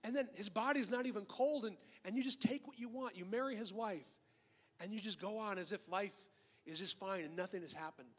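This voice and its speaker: A male pastor preaching a sermon in a relaxed, conversational storytelling way, often repeating and restarting words, acting out the quotes and dropping in joking asides. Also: high voice, a little fast, slightly rough, long reverb tail. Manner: frequent word repeats and restarts.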